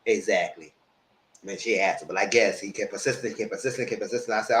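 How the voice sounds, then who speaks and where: A man hosting a casual live TV recap, animated, jumping into loud high-pitched quotes of the characters. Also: fast talker. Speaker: TV review host. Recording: roomy echo.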